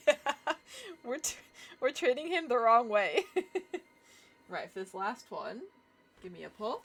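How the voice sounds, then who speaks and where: A woman's voice: fairly high pitch, very animated, moderate pace. A chatty, giggly woman, musing aloud as she streams herself playing a game. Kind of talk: casual live-stream chat while gaming.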